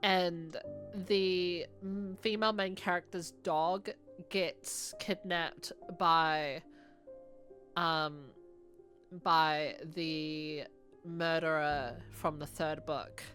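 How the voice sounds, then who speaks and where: A woman's voice: deep voice, steady tone, very slow, fairly bright tone, faint music behind. A woman streamer chatting casually over gameplay, hesitant and trailing off.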